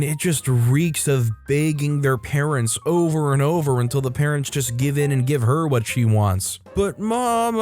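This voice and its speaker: A man's voice: mid-range voice, a little mellow. A man narrating online stories aloud in a casual way, adding joking asides for his listeners. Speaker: story narrator.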